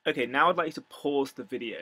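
A man's voice: mid-range voice, quick pace, sharp tone, dry recording. A male teacher giving a recorded video lesson on a poem, explaining step by step and often restarting his phrases. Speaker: English teacher.

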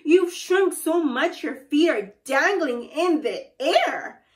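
A woman's voice: mid-range voice, unhurried, reverberant, far from the mic, natural voice. Woman doing a mean gloating old husband. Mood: cruel teasing. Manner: loud, teasing, mock-solemn.

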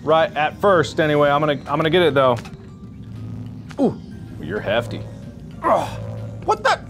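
A man in his thirties, a gaming YouTuber doing let's play commentary, animated and yelping as he plays in VR, winded from moving. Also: fairly high pitch, normal speed, soft background music. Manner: animated, yelps and jokes while playing VR.

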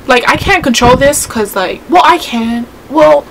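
Teen girl ranting on her vlog, sassy n rambly, kinda high voice. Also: a little hiss or hum, low-quality recording. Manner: sassy, rambling, quick to get worked up. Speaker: vlogger. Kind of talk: casual rant to camera.

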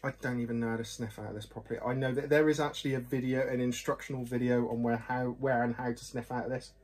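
A man's voice: medium pitch, level tone, fast, a little mellow, husky. A man reviewing whisky glasses in a chatty, rambling, self-deprecating way, often apologising. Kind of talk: casual chat to camera.

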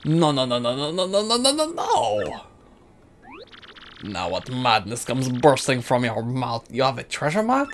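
A man's voice: mid-range voice, huge pitch swings, measured pace, slight background noise. A man voicing a pompous, vain rich male trader with an exaggerated fake French accent, theatrical and grandiose. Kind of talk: let's play voicing game characters.

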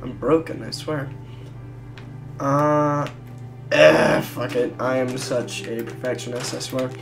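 A gamer giving casual, crude, joking commentary while playing, often bursting into loud laughter. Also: mid-range voice, steady tone, takes it slowly, faint music behind. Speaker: let's play gamer.

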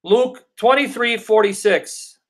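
A high-pitched man leads a live Bible Q&A stream, answering comments from viewers and reading passages in a slow, deliberate cadence. He makes each point land by emphatically repeating his questions.

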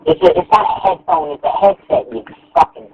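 A man with a very high, squeaky voice, swearing and shouting insults in online game voice chat. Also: wildly swooping pitch, a little fast, vocal fry, background noise. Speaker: online gamer. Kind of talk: trash talk over voice chat.

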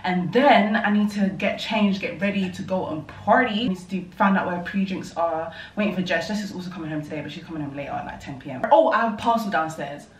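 A woman's voice: lowish voice, a little hiss or hum, low-quality recording. Chatty young woman vlogging. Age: young adult. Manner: chatty, animated, talks straight to camera. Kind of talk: casual vlog chat.

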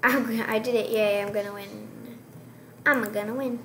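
A young female gamer giving playful, joking commentary while she plays, with sudden excited outbursts. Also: on the high side, moderate pace, a little hiss or hum. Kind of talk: casual gameplay commentary.

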